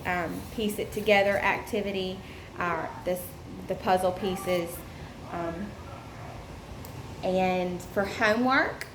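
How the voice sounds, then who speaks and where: A young woman presenting a lesson plan, explaining step by step with many ums and pauses. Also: medium pitch. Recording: echoey room with faint noise.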